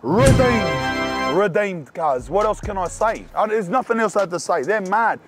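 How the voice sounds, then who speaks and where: A young man with a Sydney accent reviewing burgers in a casual vlog, talking in loud slangy banter. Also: normal speed, loud music behind the voice. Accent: Australian, Sydney. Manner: loud slangy banter, animated swings in pitch. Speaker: food reviewer and vlogger. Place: outdoors and in burger shops around the city.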